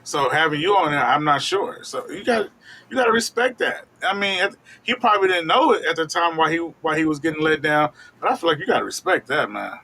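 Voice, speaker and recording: A man co-hosting a casual commentary show, weighing both sides in a reasoned, measured way. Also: on the high side, lively intonation, gravelly, pushed and bright, a little hiss or hum.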